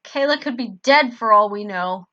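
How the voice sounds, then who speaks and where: A woman's voice: on the high side, moderate pace, sharp tone, lo-fi sound. A woman voicing a blunt, brash young male companion in a fan story reading, snapping out commands. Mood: harsh.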